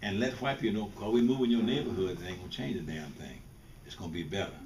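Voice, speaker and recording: Low, darkish, and fast, the voice belongs to an older man from Mississippi guest-speaking to students. He's blunt and informal, frequently restarting and repeating words, captured by a distant mic amid faint background noise.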